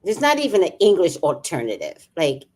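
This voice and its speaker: A woman's voice: fairly low pitch, huge pitch swings, brisk, a little mellow. A woman hosting a casual livestream, chatting with viewers, laughing often and greeting people by name. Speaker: livestream host.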